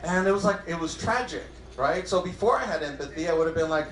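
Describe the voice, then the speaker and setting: A high-pitched man performs stand-up with an animated, bouncing delivery, slipping into the voices of his wife and daughter. His voice carries a roomy club echo with faint crowd ambience behind it. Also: slight background noise. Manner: animated, acts out dialogue in quick bursts. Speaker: stand-up comedian. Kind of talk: stand-up comedy set. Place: comedy club stage before a live audience.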